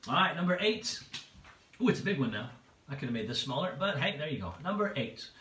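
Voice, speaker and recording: A man's voice: a little high, big pitch swings, a little fast, bright, forceful tone, recorded from a distance, slight background noise. A man hosting a livestreamed pub quiz from home, chatty and playful, reading out each set of options twice. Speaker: quiz host. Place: room at home. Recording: echoey room, away from the mic.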